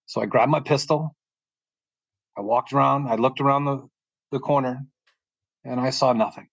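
A middle-aged American man, a podcast guest, shares a personal faith testimony in a calm, soft-spoken, casual way, with a mid-range voice and vocal fry. Growing emotional, he halts and restarts often; the recording is dry and dull.

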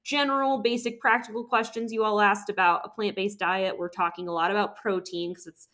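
A woman's voice: mid-range voice, fairly even intonation, brisk, fairly bright tone. A woman hosting a casual podcast as a climbing coach, jokey and giggly, swearing freely. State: sore and tired.

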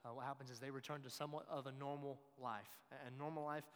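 A man's voice: mid-range voice, fairly even intonation, quick pace, clean tone. A man preaching a sermon in a conversational way, with joking asides to his listeners. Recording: long hall reverb.

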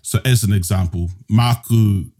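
A man's voice: lowish voice, measured pace, warm tone. A man with a New Zealand accent teaching Māori grammar as a podcast guest, explaining patiently and switching between Māori and English. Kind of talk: casual podcast lesson.

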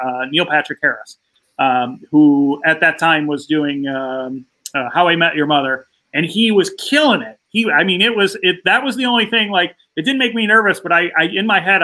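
A man's voice: fairly high pitch, moderate pace, pushed and bright, poor audio. A man, a stand-up comedian, telling an anecdote as a podcast guest, acting out the voices of the people in it. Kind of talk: casual interview storytelling.

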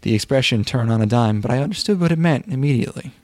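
Deadpan, sarcastic man in casual chat. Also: mid-range voice, fast. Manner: dry, deadpan sarcastic jokes. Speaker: podcast co-host.

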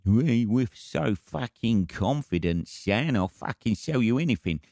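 A man's voice: mid-range voice, expressive, unhurried, vocal fry, mellow, no room sound, clean studio sound, pitched above the performer's own voice. A man putting on a cocky Cockney voice to mock a matey, swaggering Londoner. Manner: cocky, mocking impression.

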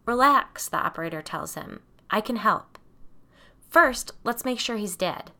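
A woman voicing a cheeky young girl who tells dark jokes with impish delight in an audiobook. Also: mid-range voice, animated, a little slow, pitched above the performer's own voice. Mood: gleeful.

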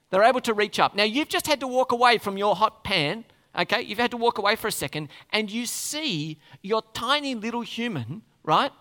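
An animated man preaches a sermon and keeps putting questions to his congregation. His voice sits high and bright, and it rings through a church hall with a long reverb.

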